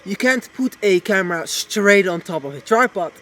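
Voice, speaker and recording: Chatty high-voiced man explaining filming gear. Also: animated, normal speed, a bit bright. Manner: chatty, repeats himself, restarts phrases. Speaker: wildlife filmmaker vlogger. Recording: faint background noise.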